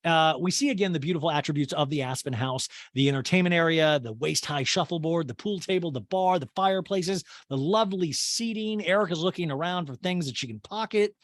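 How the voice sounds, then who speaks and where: A man from Kansas hosting a podcast, giving an animated, gossipy and crude comedic recap of a reality show. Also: a little high, brisk, hardly any pauses, dry recording, clean studio sound. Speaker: podcast host.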